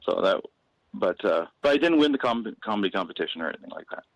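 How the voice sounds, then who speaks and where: A comedian guest, a man, spins a casual anecdote in a low voice. He circles back, restarts phrases and fills pauses as he goes. The sound is dry, with no room echo. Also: lively intonation, creaky. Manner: rambling with frequent restarts and fillers.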